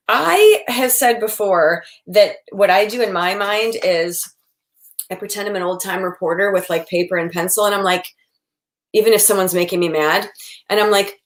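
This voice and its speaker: Speaking at normal speed with a medium-pitched voice, this psychotherapist in her forties offers casual expert advice. She is chatty and performs quoted dialogue as she goes.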